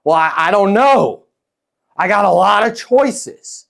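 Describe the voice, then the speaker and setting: A noncommittal would-be renter who stalls and hedges, vague about every offer, as a man puts him on. The voice sits a touch high and stays casual and everyday. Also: animated, slow pace, vocal fry, a bit bright, exaggerated voice. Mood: hesitant. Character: hesitant male apartment prospect brushing off a sales pitch.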